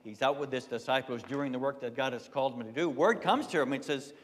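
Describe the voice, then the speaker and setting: A male pastor preaching an Easter sermon in a conversational way, rising loud at climaxes and dropping to soft asides. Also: medium pitch, fast, in a large hall. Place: church sanctuary.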